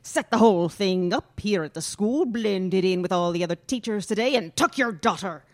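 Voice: mid-range voice, lively intonation, moderate pace, close to an everyday voice. An actor playing a chatty male police lieutenant who tells things in a breezy, slangy way. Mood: explaining. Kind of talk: audio drama acting.

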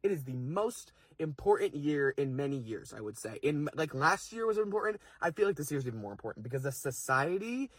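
Young male vlogger, husky and dry, rapid heated rant. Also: on the high side, big pitch swings, fairly bright tone, no room sound. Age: young adult. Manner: fast, heated, swearing, lots of fillers. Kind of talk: impassioned casual rant to camera.

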